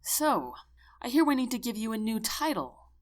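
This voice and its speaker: A woman's voice: a little high, very animated, normal speed, pitched above the performer's own voice. A woman voicing a stern, commanding army general. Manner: loud, clipped, commanding. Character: gruff stern male army general, demanding.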